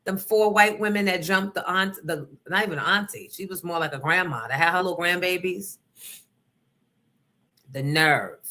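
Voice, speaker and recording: A middle-aged woman hosting a livestream, chatting casually and telling stories in an animated, profane way, acting out the other people in them. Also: lowish voice, moderate pace. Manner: animated, profane, acts out voices in her story. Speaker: livestream host. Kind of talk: casual chat, storytelling.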